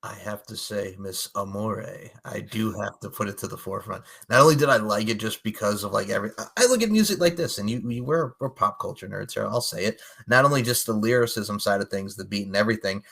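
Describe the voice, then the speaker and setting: A man hosting a podcast in an animated, slangy casual chat full of pop culture references. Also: fairly low pitch, fast talker, creaky, hardly any pauses, slightly rough. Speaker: podcast host.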